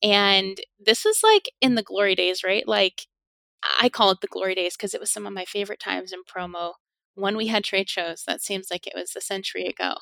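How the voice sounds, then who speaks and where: A woman's voice: medium pitch, steady tone, fairly quick, vocal fry, bright, forceful tone, dry recording. A middle-aged woman, a podcast guest, telling stories in a casual interview, laughing often and acting out the speech she quotes.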